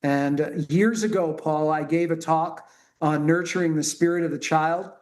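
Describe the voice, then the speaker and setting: A middle-aged male pediatrician talking earnestly and haltingly with many restarts in a conversation. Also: a little high, steady tone, a little mellow. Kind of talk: conversational interview talk.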